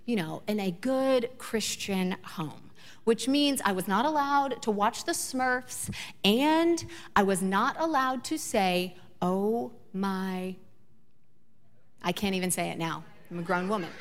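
A woman's voice: mid-range voice, lively intonation, unhurried. A woman in her thirties preaching a sermon, building emphatic repeated lines and shifting into chatty stories about her children. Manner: emphatic repetition, rising passion. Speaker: pastor. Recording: long reverb of a large hall.

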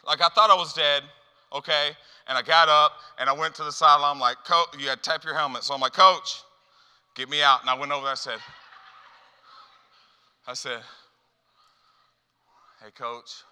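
A man's voice: a little high, steady tone, fast talker, long pauses, sharp tone, clear, resonant tone. A man preaching a sermon as a pastor, telling stories and acting out dialogue with lots of repeated phrases. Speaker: youth pastor. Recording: long hall reverb.

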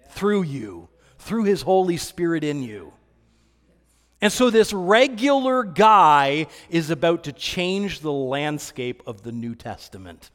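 A man pastor preaching a relaxed, conversational sermon, telling stories with fillers and restarts. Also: a little high. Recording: long reverb of a hall.

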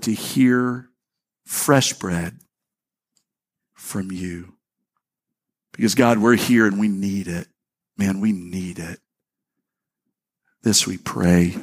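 Guy pastor giving a sermon in church, chatty, trips over his words and backs up, gets higher and louder reading the bible. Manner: conversational, repeats words and restarts, rises in pitch when reading scripture. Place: church sanctuary.

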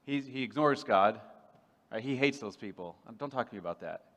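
A man preaching a sermon in a playful, animated way, swinging from loud bursts to hushed asides. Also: medium pitch, moderate pace, big-room sound.

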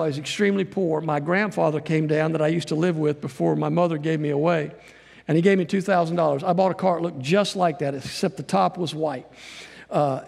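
A middle-aged man preaching a sermon in a church, folksy and rambling, with self-deprecating asides. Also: fairly high pitch. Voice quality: gravelly voice. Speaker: guest preacher and missionary. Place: church sanctuary. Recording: long reverb of a church hall.

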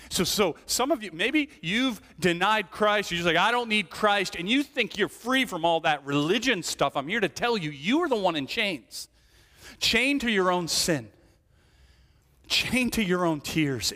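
A man preaching a sermon in a lively, conversational way, acting out small quoted voices as he goes. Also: a little high, in a large hall. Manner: animated, conversational, acts out little voices. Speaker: pastor.

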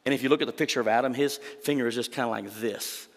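A man's voice: mid-range voice, fairly even intonation, fast, vocal fry. A male pastor delivering a sermon in an emphatic, conversational way, often tossing rhetorical questions to the congregation. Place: church sanctuary. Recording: reverberant church hall.

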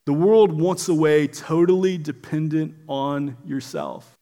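High-voiced earnest male preacher. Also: a little slow, mellow. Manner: earnest, often stumbles and repeats words at phrase starts. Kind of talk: sermon.

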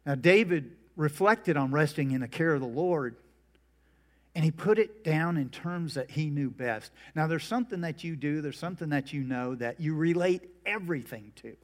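Folksy preacher man, higher voice. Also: lively intonation, normal speed. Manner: folksy storytelling with jokes. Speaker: pastor. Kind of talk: humorous sermon.

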